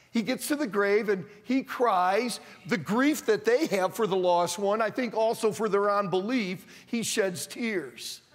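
A man preaching an animated sermon to a congregation, calling on them to answer back. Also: high voice. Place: large church or auditorium with long reverb. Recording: long hall reverb.

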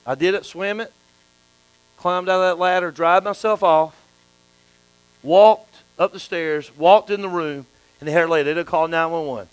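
A man preaching a sermon as a bishop, dropping to hushed storytelling and rising to shouted praise. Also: high voice, normal speed, long pauses, clean tone, no room sound, poor audio.

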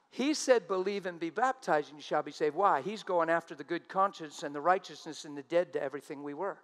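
A male preacher with a high voice delivers a sermon in an animated way. He stretches out the words he quotes, slowing right down to press each phrase home. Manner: animated, drawn-out emphatic quotes.

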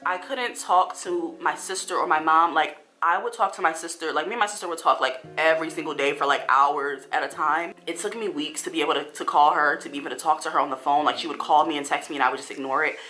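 A young woman vlogger telling a painful personal story in a halting way, full of fillers and restarts, at times near tears. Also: sits low, pushed and bright. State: tearful, voice breaking.

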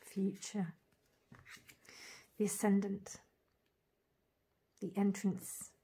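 Woman, unhurried, tarot deck walk-through, dreamy, admiring, mid pitch. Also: flat delivery, breathy edge. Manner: dreamy, admiring, lingers on single words; soft laughs and gushing asides. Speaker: tarot reader reviewing an oracle deck. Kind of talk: casual unboxing walk-through.

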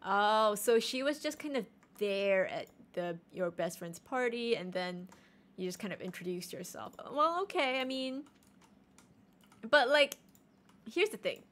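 A woman in her late twenties chatting casually on a live stream while she plays, animated, joking and self-mocking. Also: mid-range voice, unhurried. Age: late 20s. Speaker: game streamer.

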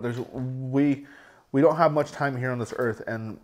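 A man's voice: mid-range voice, a little slow, darkish tone. A man in his thirties talking casually to camera as a food vlogger, rambling with repeated words and fillers. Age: 30s. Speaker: mukbang vlogger.

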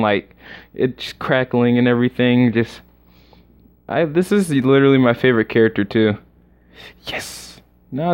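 A young man rambles through excitable livestream commentary while he plays a game, reacting aloud to every moment. His voice is smooth and clean. The recording sounds a little dull and lo-fi. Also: mid-range voice. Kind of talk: casual gaming livestream commentary.

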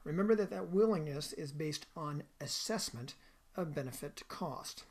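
A woman's voice: low-pitched, lively intonation, normal speed, a little mellow. A woman giving a recorded lecture in a conversational way, often asking the listener questions.

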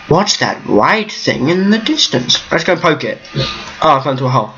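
A goofy, excitable man giving casual commentary while playing a block-building game at home. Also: fairly high pitch, moderate pace, lo-fi sound, slight background noise. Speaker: Minecraft let's player. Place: room at home.

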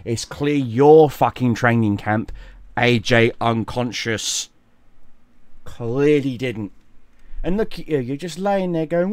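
A man giving mocking, profane commentary on a fight, scornful and animated. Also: medium pitch, no echo. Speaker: gaming and boxing commentator.

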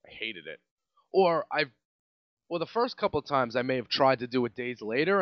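A young New York man rants on his own podcast in a rambling, exasperated way, often restarting his sentences. His voice sits high and swings widely in pitch. The recording is dry and a little dull. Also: big pitch swings, moderate pace, no room sound. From Staten Island, New York. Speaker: podcast host. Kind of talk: casual solo podcast rant.

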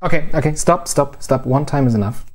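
A man's voice: mid-range voice, fairly quick, a little mellow, raised voice. A man whose first language is German, narrating a linguistics lesson in a sarcastic, irreverent, jokey way. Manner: sarcastic, irreverent, swears for comedy. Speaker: linguistics video host. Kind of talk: scripted narration with jokes.

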